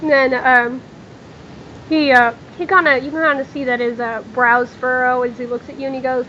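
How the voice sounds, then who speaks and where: Woman game master, high-pitched, casual halting narration, lo-fi mic. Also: flat delivery, bright, forceful tone, a little hiss or hum. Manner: casual, halting, many fillers.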